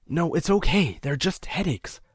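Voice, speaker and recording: A man's voice: animated, measured pace, husky, no echo, clean studio sound. A man voicing a desperate young man who pleads, strained and clinging. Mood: pleading. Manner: pleading, strained, rising in pitch.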